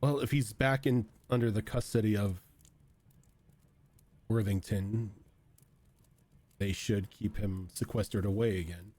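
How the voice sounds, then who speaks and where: Game master doing calm matter-of-fact man, reassuring, low-ish voice, tabletop game. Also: measured pace, pauses often.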